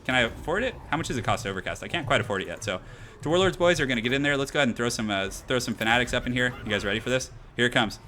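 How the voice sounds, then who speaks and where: A young man streaming a strategy game, giving excitable, slangy live commentary and talking straight to his chat. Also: medium pitch, racing, a little hiss or hum.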